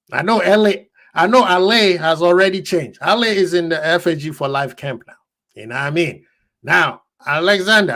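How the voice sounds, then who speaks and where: A young man hosts a casual football fan live stream. He talks to his chat in an excitable, laughing way. His voice sits a little on the high side.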